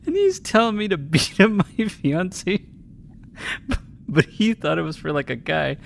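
A man's voice: high voice, measured pace, creaky, slight background noise. A young man, a podcast co-host, telling work stories in casual chat and often laughing as he talks. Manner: laughs through his stories, animated retelling.

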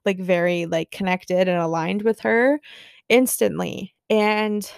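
A young woman hosting a podcast, telling a story in a gushing, excitable way with lots of fillers. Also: mid-range voice, takes it slowly, creaky, clean tone, dry recording, studio quality. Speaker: podcast host. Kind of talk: casual storytelling monologue.

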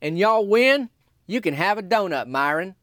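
A man's voice: high voice, lively intonation, moderate pace, fairly bright tone, no echo, studio quality, pitched above the performer's own voice. A man voicing an impulsive teammate making an offhand offer.

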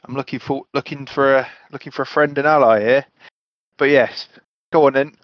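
A man's voice: medium pitch, steady tone, normal speed, dry recording, muffled recording. A man playing his character in a tabletop game, talking earnestly and insistently. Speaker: player.

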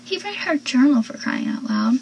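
A woman's voice: high voice, wildly swooping pitch, normal speed, slight background noise, low-quality recording. A young woman casually recapping a TV episode, rambling, talkative and full of asides.

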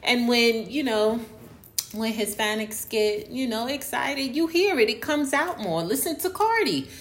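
This New York podcast host speaks fairly high and expressively, never rushing. Alone at the mic, she talks casually but earnestly about her views, with fillers and false starts along the way.

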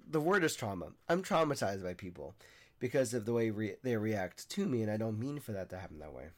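With a darkish tone at medium pitch, a young man talks through his podcast in an informal monologue. He comes across as earnest and rambling, and he often begins his sentences over.

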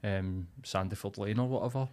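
A young man with a Glaswegian accent talks in a blunt, sweary rant. His voice sits somewhat low in pitch. The talk is loose and casual, the way podcast co-hosts chat. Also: moderate pace, a little mellow. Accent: Glaswegian Scottish. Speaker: podcast co-host.

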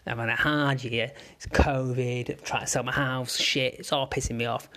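A man's voice: mid-range voice, level tone, moderate pace, bright, forceful tone. A man, ranting at home in a sweary, exasperated comic vlog. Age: 30s. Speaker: vlogger. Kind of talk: comic rant.

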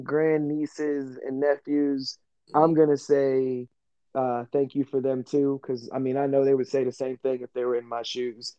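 A man hosting a casual podcast chat, talking in an animated way, laughing often and acting out remembered conversations. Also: medium pitch, no room sound, lo-fi sound. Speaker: podcast host.

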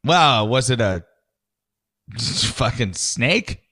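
A man co-hosting a comedy talk show, relaxed and joking, with casual swearing. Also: medium pitch, extremely slow. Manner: laid-back, joking, swears. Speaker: co-host.

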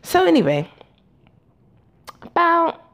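Speaking slowly in an extremely high-pitched voice, a woman in her forties hosts a podcast. She tells a story in a casual, animated way, with plenty of profanity and acted-out dialogue.

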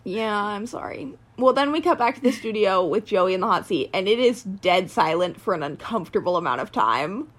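Woman, casual podcast recap, lively swooping pitch, acts out quotes, dips to a hush. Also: normal speed, few pauses. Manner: animated retelling, acts out quotes, drops to a hush. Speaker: podcast co-host.

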